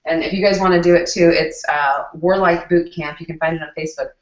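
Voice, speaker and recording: A woman's voice: lowish voice, fast. Chatty woman in a roomy kitchen. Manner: chatty and excitable, laughs often. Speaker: co-host of a cooking show. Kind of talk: casual chat. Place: home kitchen. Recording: roomy, distant, dull sound.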